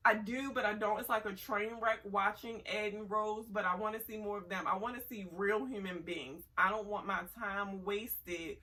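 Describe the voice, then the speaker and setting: A woman's voice: medium pitch, steady tone, normal speed, hardly any pauses, bright, forceful tone, recorded from a distance, poor audio. A woman giving a blunt, sassy casual review commentary on a reality show.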